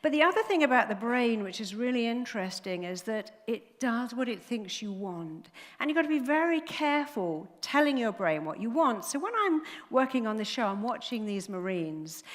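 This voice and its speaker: A woman therapist giving a motivational talk to a live audience. She speaks in a lively way and acts out inner dialogues in changing voices. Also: a little high, normal speed, hardly any pauses. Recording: echoey hall with long reverb.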